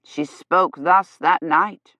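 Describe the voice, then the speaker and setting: A woman voicing a slow-spoken young knight. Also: on the low side, fairly even intonation, bright, forceful tone, dry recording. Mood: puzzled. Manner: speaks slowly, stressing every word. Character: earnest young knight, slow and over-distinct. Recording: slightly dull, dry audio.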